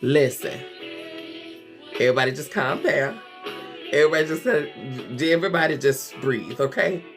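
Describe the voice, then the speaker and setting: Sassy, animated middle-aged woman host. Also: low voice, moderate pace, over music. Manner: animated, sassy storytelling with frequent laughs; talks straight to viewers with endearments like honey and child. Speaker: therapist hosting a live show. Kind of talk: casual livestream chat.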